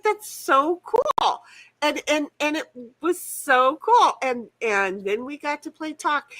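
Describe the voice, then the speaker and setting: A woman's voice: high-pitched, a bit bright, poor audio. A woman hosting a game stream in casual chat, rambling and playful, laughing and swearing freely. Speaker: streamer host.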